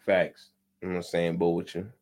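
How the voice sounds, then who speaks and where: Man, low voice, blunt slangy trash talk, casual podcast chat. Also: flat delivery, normal speed, creaky, a little mellow. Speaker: podcast co-host.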